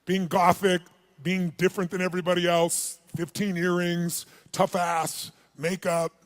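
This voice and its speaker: A man's voice: high voice, level tone, a little slow. A man giving a motivational seminar, animatedly telling a story, acting out its dialogue and calling on the audience. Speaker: motivational speaker.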